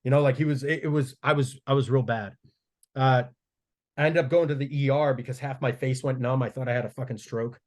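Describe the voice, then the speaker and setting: A man's voice: medium pitch, fairly even intonation, fairly quick. A man, a strength coach guest on a podcast, telling stories in a casual, profane and rambling way with frequent restarts.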